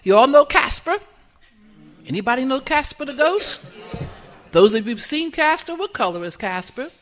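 A woman's voice: sits high, very animated, normal speed. A woman giving a conversational sermon in a church, putting questions to the congregation. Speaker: church speaker.

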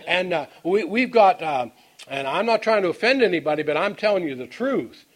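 A man preaching a Bible-teaching sermon. He reads scripture slowly and deliberately, then breaks into folksy stories, often halting and repeating words as he goes. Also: sits high, expressive. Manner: folksy, storytelling asides; halting, repeats words while finding them.

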